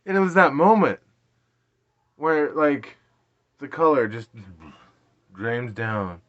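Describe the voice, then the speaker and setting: A man's voice: mid-range voice, sing-song, takes it slowly. Late-30s man, self-deprecating storyteller with frequent laughter; dull lo-fi recording. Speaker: vlogger. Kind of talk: casual storytelling.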